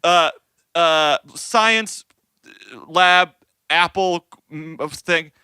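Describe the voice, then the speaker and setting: A young man riffing on a podcast in disbelief, swearing freely and breaking into laughs. His voice is high, very bright and smooth. The sound is close and dry. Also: extremely slow, no echo. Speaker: podcast co-host. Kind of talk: casual chat.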